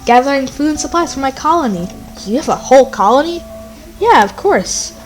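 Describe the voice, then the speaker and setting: A woman voicing a big, calm male slugcat creature. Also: high-pitched, fairly quick, soft background music, voice pushed up, poor audio. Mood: friendly. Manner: calm, matter-of-fact musing.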